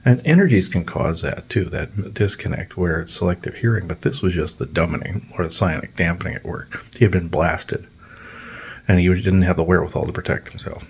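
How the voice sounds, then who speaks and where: A man's voice: low voice, steady tone, a little fast, creaky, husky. A man hosting a podcast, telling long, rambling stories in a blunt, profane way, full of fillers. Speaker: podcast host. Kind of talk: casual storytelling on a podcast.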